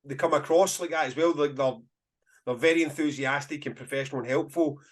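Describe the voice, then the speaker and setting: Scottish man, festival promoter, casual podcast chat, higher pitch, lively storytelling. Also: brisk. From Scotland. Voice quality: animated storyteller, bursts of laughter.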